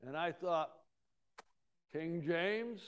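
A man preaching a sermon in a folksy storytelling way, his voice slightly high for a man. He drawls slowly and swings from loud bursts down to near murmurs as he acts out scenes. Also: clean tone, lo-fi sound. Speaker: pastor.

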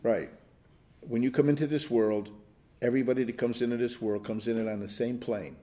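A man's voice: mid-range voice, steady tone, a little fast, mellow. An older man leading a Bible study, telling stories in a rambling, chuckling way with many restarts. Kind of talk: conversational Bible teaching.

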